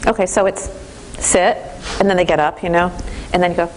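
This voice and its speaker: Lively woman teaching a parenting class. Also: fairly low pitch, fairly quick, a little hiss or hum, poor audio. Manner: lively storytelling, acts out voices. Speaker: parenting trainer. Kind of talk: training lecture to a class.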